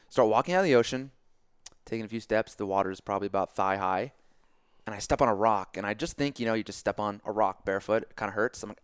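Smooth low-voiced man telling a story. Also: fairly quick, dry recording, clean studio sound. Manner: animated, swears freely, acts out his own reactions. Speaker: podcast guest. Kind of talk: casual storytelling chat.

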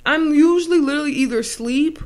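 A woman's voice: sits high, quick pace. Profane ranting young woman podcaster. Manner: animated, profane ranting with mimicked quotes. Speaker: podcast co-host. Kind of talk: casual chat.

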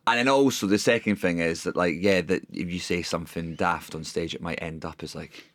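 Man, 30s, lowish voice, dry close studio sound, rambling self-mocking anecdotes for a chat podcast. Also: brisk, fairly bright tone, no room sound. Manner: rambling, self-deprecating storytelling with many restarts. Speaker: comedian guest.

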